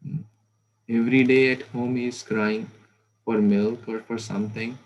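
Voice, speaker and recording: A man's voice: mid-range voice, flat delivery, measured pace, a little hiss or hum, natural voice, rough recording. A man voicing a doting mother who teasingly scoffs at claims that her small son is divine. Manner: teasing, chatty, rhetorical questions.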